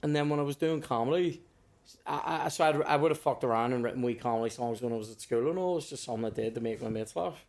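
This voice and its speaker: Northern Irish male comic, relaxed anecdote-teller, sweary, plays out other people's lines. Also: mid-range voice, quick pace. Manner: swears freely, acts out others in his stories. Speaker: comedian guest. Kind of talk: casual storytelling chat.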